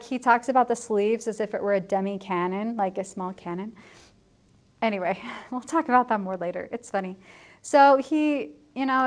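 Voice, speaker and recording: A woman teacher giving a casual, chatty plot summary to her students, correcting herself as she goes and lightly acting out the lines. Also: fairly high pitch. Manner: chatty, self-correcting, acts out quotes lightly. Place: school building at lunchtime.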